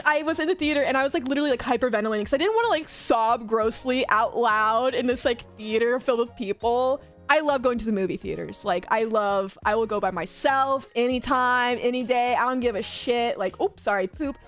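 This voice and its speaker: A woman in her twenties chatting casually on a livestream, gushing and chatty, full of fillers and quick laughs. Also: sits high. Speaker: streamer.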